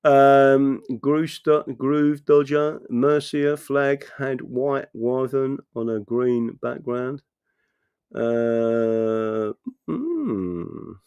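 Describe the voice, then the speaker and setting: Gravelly rambling livestream man. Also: medium pitch, extremely slow, darkish tone, dry recording, lo-fi sound. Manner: rambling, swearing, chatty asides to viewers. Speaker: livestream host reading chat. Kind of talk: casual livestream talk.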